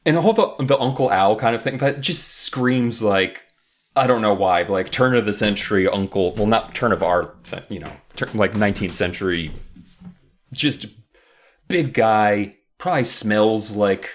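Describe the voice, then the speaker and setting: A man co-hosting a podcast, chatting casually about a book and reading it aloud, with animated jumps into character voices. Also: on the low side, normal speed.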